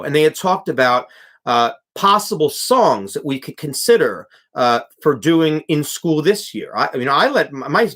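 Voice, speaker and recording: A young man who teaches music hosts a live stream, reading chat comments aloud. His voice is a little high and a bit bright, and he talks casually with many restarts and fillers.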